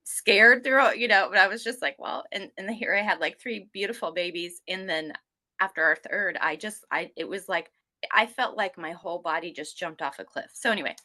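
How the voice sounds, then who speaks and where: During a casual interview, a woman in her forties talks a little fast in a mid-range voice about her health. She rambles with animation, acting out the remarks of others.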